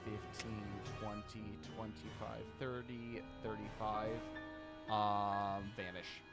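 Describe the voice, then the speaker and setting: A man's voice: on the low side, level tone, takes it slowly. A man narrating a tabletop game as game master, talking in a hesitant, filler-heavy way. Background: background music.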